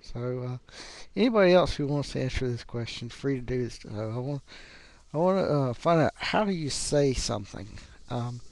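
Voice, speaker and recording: A man in his thirties with a Southern US accent, talking casually to the camera in a halting way, with lots of pauses and fillers. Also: medium pitch, no room sound. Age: 30s. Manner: relaxed, halting, many fillers. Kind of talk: casual video message.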